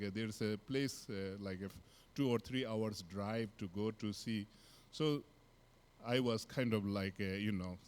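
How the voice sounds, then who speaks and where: A man with a Tibetan accent, a Buddhist teacher, telling a personal story in a relaxed, halting way with many fillers and soft laughs. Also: mid-range voice.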